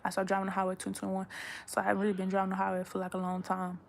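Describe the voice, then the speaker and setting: A young woman from Texas talks straight to the camera in her room, blunt and slangy, swearing freely as she rambles. Her pitch sits mid-range for a woman. A faint noise hangs under the recording. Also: completely flat delivery, rapid-fire, gravelly. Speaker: vlogger. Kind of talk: casual chat to camera.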